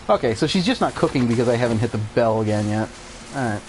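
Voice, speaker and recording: A man chatting as he plays through a video game on stream. His voice sits at an average pitch, loose and offhand, and he swears freely. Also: lively intonation, fast talker, darkish tone, slight background noise, poor audio. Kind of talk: casual let's-play commentary.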